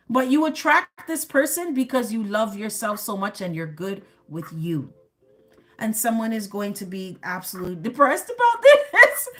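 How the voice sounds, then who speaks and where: A woman doing a live tarot reading, chatty and sassy, speaking straight to her viewers and laughing often at her own remarks. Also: a little high. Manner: addresses viewers directly as the collective. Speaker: tarot reader.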